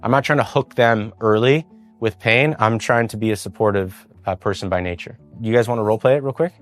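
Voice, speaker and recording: A man's voice: lowish voice, fairly quick, faint music behind. A man leading a sales training talk, coaching in a conversational way and acting out sample call scripts. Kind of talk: sales training talk with role-play demos.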